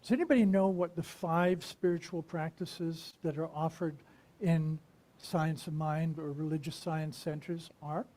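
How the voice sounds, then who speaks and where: A minister giving a conversational sermon, asking the congregation questions and pausing to reflect. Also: medium pitch, fairly even intonation, warm tone. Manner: unhurried and reflective, with pauses.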